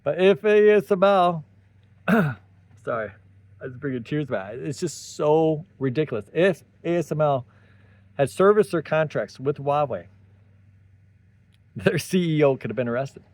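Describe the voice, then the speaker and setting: A man's voice: a little high, expressive, normal speed, long pauses, a little mellow, no room sound. A man hosting a solo tech commentary, talking animatedly with sarcastic asides and tangents. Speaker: tech commentary channel host.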